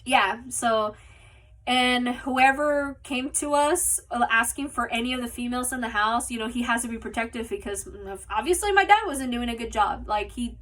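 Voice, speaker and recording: A woman's voice: a little high, normal speed, a bit bright, recorded from a distance. A woman casually telling a personal story as a podcast host, rambling with lots of "like" and "you know", recorded on a phone. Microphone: phone mic.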